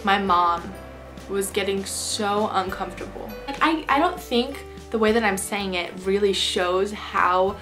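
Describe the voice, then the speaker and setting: A young woman tells a storytime on her vlog, animated and exasperated as she recounts a bad trip. Her pitch sits in the middle range. Faint music plays behind her. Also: a little slow. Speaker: vlogger.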